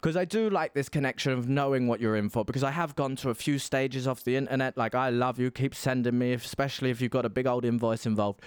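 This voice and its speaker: A man's voice: medium pitch, quick pace, hardly any pauses, clear, resonant tone, no room sound. A man who performs as a drag queen, talking in a rambling, campy, theatrical way and calling people darling. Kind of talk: casual interview chat. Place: indoors, seated.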